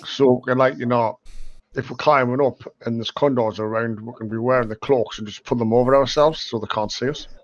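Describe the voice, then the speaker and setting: A man's voice: medium pitch, fairly even intonation, brisk, dull audio. A man in a tabletop game, thinking aloud in loose phrasing. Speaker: player. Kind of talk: tabletop role-play.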